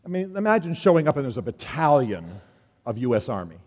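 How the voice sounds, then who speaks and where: A man preaching a sermon on a stage, telling a story in a lively way and acting out the quotes. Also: mid-range voice, a little fast. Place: stage before an audience. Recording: long hall reverb.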